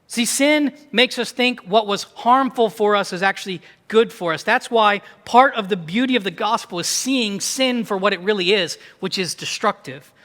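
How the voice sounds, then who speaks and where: A man preaches in a lively, conversational style, tossing in quick asides. His voice is high and bright. It carries a long reverb from the church hall around him. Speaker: pastor. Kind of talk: sermon. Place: church sanctuary.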